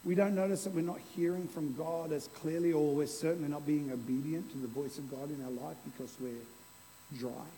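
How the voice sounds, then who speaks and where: Lively male pastor in a reverberant hall. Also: a little high, fairly quick, a little hiss or hum. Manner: lively and playful, with an object lesson. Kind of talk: sermon. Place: church hall before a congregation.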